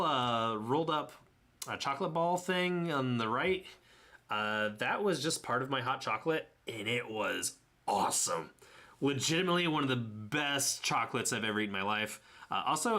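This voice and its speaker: A young man with a Tennessee drawl talks over his travel photos in a loose, meandering voice-over. His tone is bright and forward, and he keeps stumbling over words, fixing them, and chuckling at himself. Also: mid-range voice. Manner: rambling, self-correcting, chuckling. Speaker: travel vlogger. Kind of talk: casual voice-over narration of trip photos.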